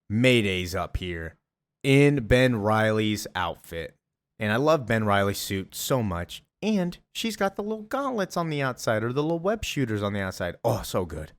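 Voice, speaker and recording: A man's voice: medium pitch, sing-song, normal speed. A man recapping a comic book story in a casual, chatty, enthusiastic way, with rambling asides.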